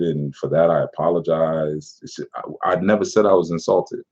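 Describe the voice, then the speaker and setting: A man's voice: extremely low pitch, normal speed, darkish tone. A man teaching on spiritual matters, answering a critic with sarcasm and scorn. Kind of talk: reading out and mocking a viewer's comment. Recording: dull lo-fi sound.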